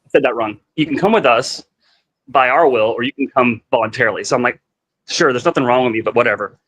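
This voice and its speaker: A man's voice: medium pitch, fast talker, a bit bright, no echo, low-quality recording. Rambling man telling a story, dry sound. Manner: rambling, heavy on "like" fillers, acts out quoted dialogue. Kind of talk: casual storytelling conversation.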